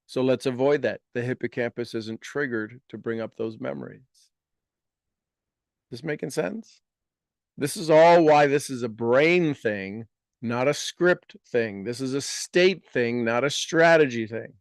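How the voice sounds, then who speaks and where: Earnest man leading slow spoken affirmations. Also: medium pitch, dry recording, clean studio sound. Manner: slow, deliberate repetition of affirmations; earnest, explanatory delivery. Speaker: speaker guiding an audience. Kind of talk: motivational talk with guided affirmations.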